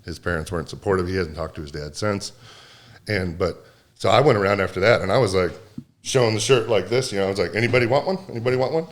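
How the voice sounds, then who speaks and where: A man's voice: low voice, fast. A man co-hosting a casual podcast chat, telling stories in a rambling way with many restarts and choking up with emotion. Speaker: podcast co-host.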